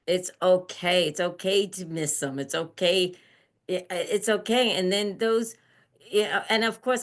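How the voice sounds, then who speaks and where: A middle-aged woman answering interview questions gently, halting and restarting as she talks. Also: fairly low pitch. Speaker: interview guest, end-of-life doula.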